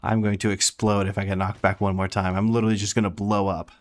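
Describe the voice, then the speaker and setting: Chatty low-voiced man streaming games. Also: little pitch movement, quick pace. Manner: chatty, reads out and answers chat, laughs often. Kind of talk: casual gaming stream chat.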